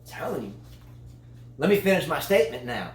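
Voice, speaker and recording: A man's voice: on the high side, sing-song, fairly quick, roomy sound. A man co-hosting a casual tennis chat show, a long-winded, playful storyteller. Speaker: tennis channel co-host.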